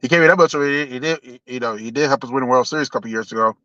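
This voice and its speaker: On a live stream, a young man with a medium-pitched, sharp voice fires off a rapid, profane, blunt sports rant, often starting sentences over. The recording is dry, with dull lo-fi stream quality.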